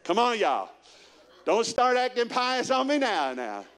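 Animated preacher man in his sixties. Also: very high-pitched, a little slow, clean tone. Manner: animated storyteller, quizzing the congregation with repeated questions. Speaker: guest preacher. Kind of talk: sermon. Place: church.

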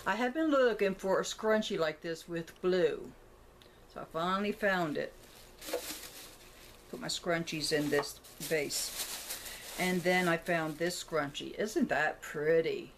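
Speaking in an unhurried, low voice with frequent pauses, a woman vlogs her shopping haul to a camera on a tripod. She's indoors at home near a closet, rambling and thinking aloud in a casual chat, with a slight hiss or hum in the recording.

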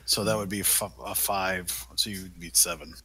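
A man with a bright, forward voice chats at a game table. He works through dice and hit points aloud, in casual back-and-forth. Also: low voice, steady tone, normal speed, husky. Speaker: player.

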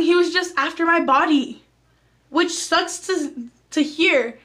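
A teenage girl with a high, light voice talks straight to her viewers in a casual storytime vlog. She is chatty and animated as she recounts the exchange. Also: takes it slowly. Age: teens. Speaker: vlogger.

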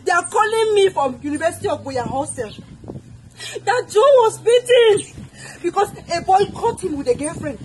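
A woman doing a fiery cameroonian wife, super high voice, wails, swings all over. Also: animated, normal speed, a little mellow, slight background noise, low-quality recording. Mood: ranting. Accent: Cameroonian English. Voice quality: shrill, wailing outbursts. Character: loud betrayed wife, dramatic and fiery. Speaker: comedian. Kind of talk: comedy sketch acting.

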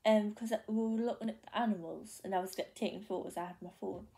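A young Geordie woman chats to her camera and tells a long story from her day, looping back with plenty of ums, likes and restarts. Her voice is mellow and soft, never sharp. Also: medium pitch, fairly even intonation, fast, gravelly. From North East England. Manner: rambling, many fillers and restarts. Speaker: vlogger. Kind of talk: casual chatty storytelling.

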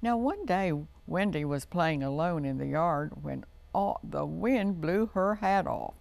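Slow, gravelly storytelling woman. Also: sits low. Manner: warm, expressive, lilting read-aloud. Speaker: children's TV storyteller host. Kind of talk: reading a picture book aloud to children. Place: TV studio.

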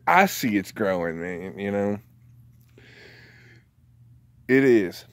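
A man's voice: fairly low pitch, animated, a little slow, dry recording. A man vlogging a casual rant, rambling and profane, often breaking into laughter.

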